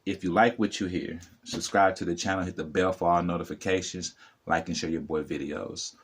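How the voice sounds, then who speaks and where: Low-voiced man preaching to camera. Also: steady tone, fairly quick, husky. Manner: preachy, repetitive, addresses viewer directly. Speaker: spiritual vlogger. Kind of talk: motivational talk to camera.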